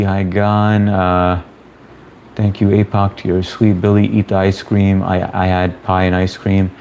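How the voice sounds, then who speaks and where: Chill guy on a live stream chatting with his viewers, kinda low voice, reads their comments out loud. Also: slight background noise. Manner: reads viewer comments aloud and greets them by name; laid-back, chummy, often laughs. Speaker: livestream host. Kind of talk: casual livestream chat.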